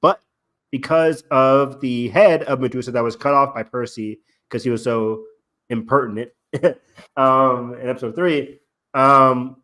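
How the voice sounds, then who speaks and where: A man's voice: medium pitch, fairly even intonation, unhurried, pushed and bright. A young man co-hosting a casual review chat, rambling with lots of fillers and acting out lines he quotes. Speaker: podcast co-host.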